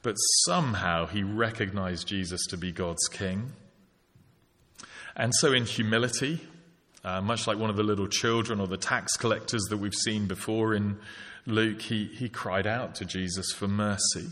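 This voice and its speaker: Male preacher, low-pitched, sermon in a reverberant church hall. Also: fairly even intonation, normal speed, a bit bright. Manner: reflective, asks rhetorical questions.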